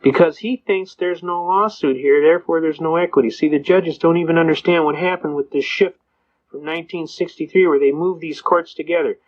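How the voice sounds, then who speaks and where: A man giving a storytelling lecture on constitutional law in a folksy, animated way, acting out quotes and laughing often, on a muffled lo-fi recording. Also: on the high side, fairly quick.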